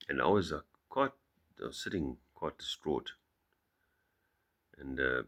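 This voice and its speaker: A middle-aged man speaking softly to the camera on his farm early in the morning, halting and reflective, with many pauses and restarts. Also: a bass voice, lively intonation. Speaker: farm vlogger. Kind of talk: reflective personal talk to camera.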